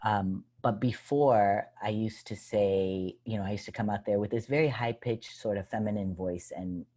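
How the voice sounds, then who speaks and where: A comedian answering questions in a casual, animated way, full of fillers and acted-out stage lines, over a video call. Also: male voice, lowish voice, normal speed. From United States. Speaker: comedian guest.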